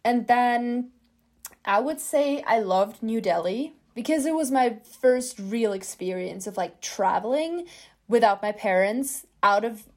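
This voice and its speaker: A woman's voice: on the high side, animated, measured pace, a little mellow. Young German woman, playful guest. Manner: playful, self-mocking, laughs often. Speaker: podcast guest. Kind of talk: casual chat.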